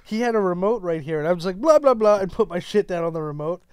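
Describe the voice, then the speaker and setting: A man's voice: sits high, fast talker, darkish tone, smooth, dry recording. A man co-hosting a casual podcast, joking around in a playful, goofy way. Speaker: podcast co-host. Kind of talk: casual chat.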